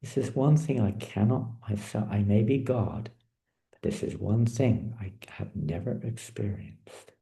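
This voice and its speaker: A man voicing a tender divine lord who gently questions his queen, as part of a told story. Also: lowish voice, very animated, moderate pace, hardly any pauses, reverberant. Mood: contemplative.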